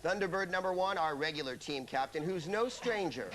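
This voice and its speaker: A man's voice: a little high, lively intonation, fairly quick. Arch man hosting a comedy quiz. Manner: wry, arch. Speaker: quiz show host. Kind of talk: scripted comic host patter. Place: television studio. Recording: loud studio audience and noise.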